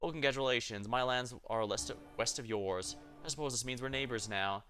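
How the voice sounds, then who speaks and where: A man's voice: mid-range voice, fairly quick, music in the background, natural voice. A man voicing an arrogant male noble baron who speaks in a condescending tone. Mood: haughty.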